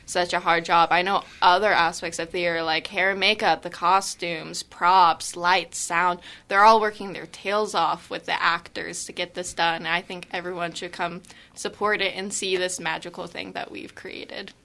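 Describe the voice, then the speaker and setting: A teenage girl, a high school theater student, chatting as an interview guest and gushing as she tells her story with acted-out quotes. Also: fairly even intonation, normal speed, creaky, sharp tone. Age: teens. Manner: gushing, enthusiastic storyteller who acts out quotes. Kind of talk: casual interview chat.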